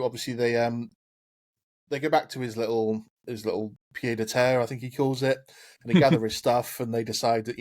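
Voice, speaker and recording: A British man hosting a casual podcast, rambling with lots of fillers and frequent laughs. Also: mid-range voice. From Britain. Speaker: podcast host.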